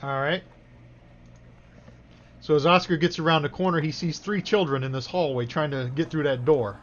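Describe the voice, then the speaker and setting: A man's voice: a little high, moderate pace. A man narrating casually as game master of a tabletop game. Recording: slightly dull, faint noise.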